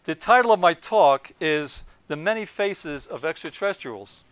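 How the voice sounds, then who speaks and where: A man's voice: a little high, animated, moderate pace, fairly bright tone, smooth, dry recording. Older New man telling stories. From Brooklyn, New York. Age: 70s. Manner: anecdotal, leans in on quoted lines. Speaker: lecturer. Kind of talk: storytelling lecture.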